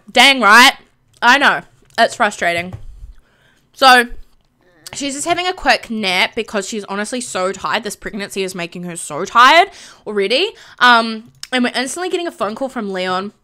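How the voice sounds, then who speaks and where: A young woman streams a life-sim game live, narrating her characters' drama in a chatty, emotional way and filling pauses with "um". Her voice is bright and forward and sits a touch high. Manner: chatty, emotional, lots of filler ums. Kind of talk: live let's play commentary.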